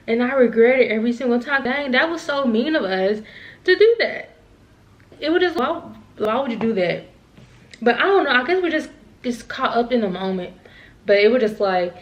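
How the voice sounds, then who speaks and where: A woman's voice: medium pitch, moderate pace, lo-fi sound. Rambling young woman telling a story. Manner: rambling, repeats herself, laughs at herself. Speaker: vlogger. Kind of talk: casual storytime.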